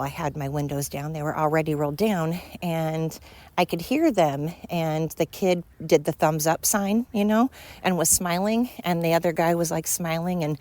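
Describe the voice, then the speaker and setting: A woman's voice: low voice, dark tone, dry recording, poor audio. A woman hosting a casual solo podcast while out walking, a bit out of breath, rambling with many fillers and asides. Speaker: podcast host. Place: outdoors in a neighborhood. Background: leaf blower and street noise.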